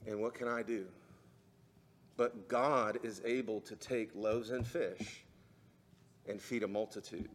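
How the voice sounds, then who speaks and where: A man's voice: lowish voice, fairly even intonation, measured pace, long pauses. Man preaching a heartfelt sermon. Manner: storytelling, rising to fervent preaching. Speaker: pastor.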